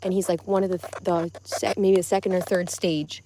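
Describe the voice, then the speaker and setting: A woman's voice: on the low side, level tone, normal speed, very noisy. A young woman hosting a casual livestream, rambling and giggly, full of filler words as she talks to her viewers at home. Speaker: livestream host.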